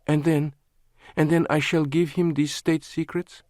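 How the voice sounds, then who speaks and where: A man's voice: on the high side, little pitch movement, unhurried, darkish tone, dry recording, studio quality, voice pushed up, lightly acted. A man putting on a passionate young Russian woman. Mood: sarcastic.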